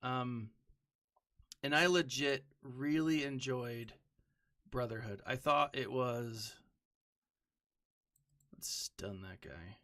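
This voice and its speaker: A young adult man streaming a game live, chatting casually and rambling between moves, now and then humming to himself or shouting a greeting to a viewer. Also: medium pitch, slow, pauses often. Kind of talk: casual live-stream chat while gaming.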